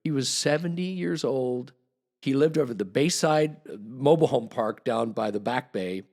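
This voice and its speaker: A man's voice: mid-range voice, normal speed, darkish tone. A man guest on a podcast, telling a long, rambling story with restarts and acted-out quotes. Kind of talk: casual storytelling.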